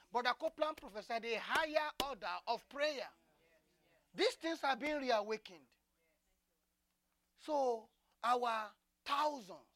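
A preacher delivering a fervent sermon, mixing plain preaching with loud bursts of praying in tongues. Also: mid-range voice, dry recording, clean studio sound.

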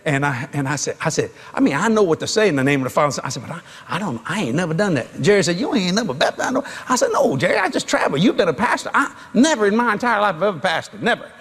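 High-voiced laughing evangelist man. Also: fast, hardly any pauses, slightly rough. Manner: animated, laughing, folksy, bursts into shouts. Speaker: traveling evangelist. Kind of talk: comic storytelling. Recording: noisy background.

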